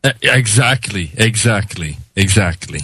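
A man from the UK with a Welsh accent, a radio guest chatting casually and relaxed. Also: on the low side, measured pace, breathy edge, no room sound, poor audio. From United Kingdom. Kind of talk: casual interview chat.

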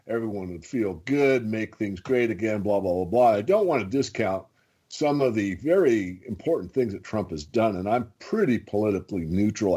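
Deep husky man, measured guest. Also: darkish tone. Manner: measured, conversational, explains at length. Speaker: interview guest, precious metals commentator. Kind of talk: talk show interview.

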